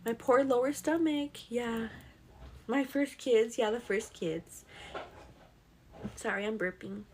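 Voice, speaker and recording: A woman's voice: on the high side, takes it slowly, long pauses, a little mellow, slight background noise. Chatty pregnant woman on a live stream. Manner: chatty and affectionate, calls viewers "girl". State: pregnant with twins. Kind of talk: casual chat reading live comments.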